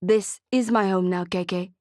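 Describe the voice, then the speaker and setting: Woman voicing calm detached man, soft-spoken, measured, dry sound. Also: medium pitch, dry recording, close to an everyday voice. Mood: serene.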